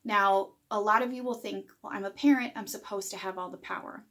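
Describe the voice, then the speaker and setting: A woman's voice: mid-range voice, fairly even intonation, a little fast, fairly bright tone. A woman in her thirties giving a parenting lesson to camera, explaining plainly and acting out what a parent might say. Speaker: parenting educator.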